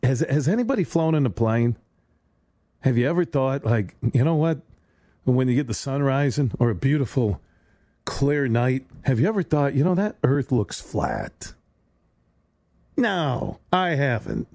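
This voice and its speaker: A man's voice: medium pitch, big pitch swings, measured pace, a little mellow, dry recording. A man hosting a sports radio show, talking in a rambling, sarcastic monologue with stumbling restarts, recorded on a studio microphone. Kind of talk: solo sports talk monologue.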